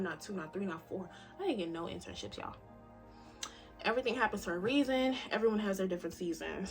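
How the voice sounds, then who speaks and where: Chatty young woman vlogging. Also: mid-range voice. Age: 20s. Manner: chatty, animated, swings loud to soft. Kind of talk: casual chat to camera. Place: cabin.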